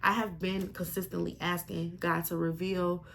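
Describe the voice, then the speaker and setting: A woman's voice: lowish voice, flat delivery, moderate pace, creaky, fairly bright tone. A young woman vlogger sharing a heartfelt personal testimony, tearful with a crackling voice, often calling her viewers y'all. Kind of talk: emotional personal testimony vlog.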